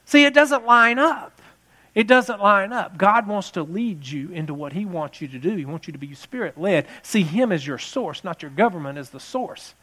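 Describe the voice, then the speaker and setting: High-voiced man preaching conversationally. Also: moderate pace, sharp tone. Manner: conversational preaching, repeats phrases, rises to passionate emphasis. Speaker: pastor. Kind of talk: sermon with personal story.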